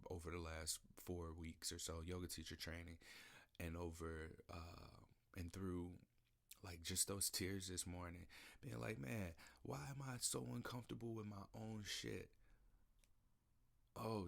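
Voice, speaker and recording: Deep, gravelly-voiced man reflecting aloud. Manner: emotional, searching, repeats himself. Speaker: podcast host. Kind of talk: personal reflective monologue. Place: recording studio.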